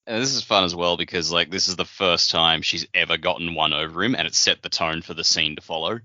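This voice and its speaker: A man's voice: low-pitched, steady tone, fairly quick, pushed and bright, dry recording. A man co-hosting a podcast, adding short comments to a casual book chat. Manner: chiming in with short remarks. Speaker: podcast co-host. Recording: dry dull lo-fi audio.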